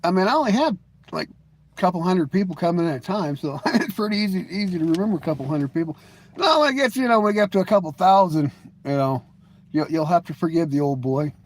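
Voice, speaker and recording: A man's voice: sits high, expressive, quick pace. Rambling, joking man with a raised voice. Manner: rambling and joking, full of "you know" and restarts. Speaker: live streamer. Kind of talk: casual live-stream chat answering viewers.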